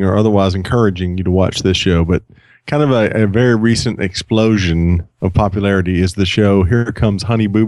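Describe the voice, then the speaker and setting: A man's voice: lowish voice, darkish tone, dry recording. A man co-hosting a casual podcast, giving wry, dry commentary on odd news stories. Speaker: podcast co-host. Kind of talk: casual chat.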